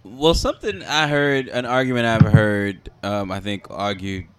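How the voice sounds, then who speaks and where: A man's voice: lowish voice, a little slow, a bit bright, clear, resonant tone. A man co-hosting a casual podcast, laid-back, often laughing and trailing off with fillers. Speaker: podcast co-host. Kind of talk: casual chat.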